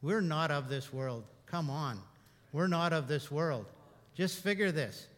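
A man's voice: a little high, a little slow. Man preaching in an echoey hall. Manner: storytelling, swings between hushed and animated. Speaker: pastor. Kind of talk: sermon.

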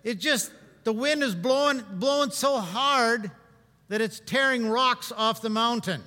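A man preaching a sermon in a conversational, humorous way, swinging between loud and hushed. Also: extremely high pitch, unhurried, in a large hall.

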